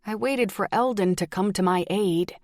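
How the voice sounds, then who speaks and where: A woman's voice: mid-range voice, normal speed, no room sound, clean studio sound. A woman reading a first-person romance audiobook, acting out the dialogue in shifting voices. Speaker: audiobook narrator.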